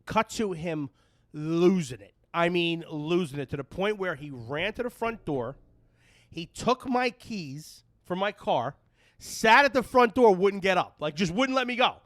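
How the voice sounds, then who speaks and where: A loud, rambling podcast host, this middle-aged man with a New Jersey accent strings together filler-laden stories in casual banter. His voice sits high with lively intonation and a measured pace. He uses headphones and a studio mic, with no room sound.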